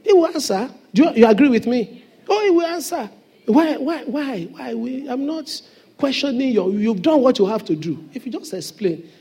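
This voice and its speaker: A man's voice: extremely high pitch, expressive, normal speed, dark tone, slightly rough. A man preaching a sermon as pastor in a church, with emphatic call-and-response questions to the congregation.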